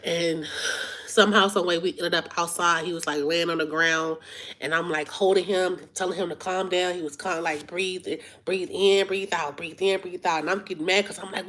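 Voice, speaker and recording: A woman's voice: fairly low pitch, moderate pace. Woman w/ aave just chatting thru a crazy dream story, acts out all the lines. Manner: animated retelling, acts out her own quotes. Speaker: vlogger. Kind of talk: casual storytelling to camera.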